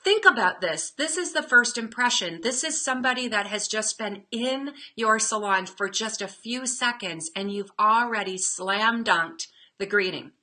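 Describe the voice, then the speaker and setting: A woman's voice: medium pitch, normal speed, few pauses. A woman hosting a live-streamed front desk training talk, upbeat and chatty. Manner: upbeat and chatty, with lively role-play asides.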